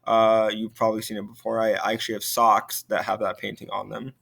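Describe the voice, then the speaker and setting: Fairly low-pitched and brisk, with vocal fry, a young adult French teacher gives a recorded video lesson. He sounds relaxed and uses many fillers and restarts.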